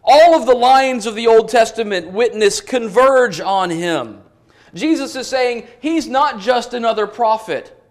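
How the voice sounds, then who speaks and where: A man preaching an expository sermon, reading scripture aloud in an earnest, emphatic way and slowing down on the quotations. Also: very high voice, lively intonation.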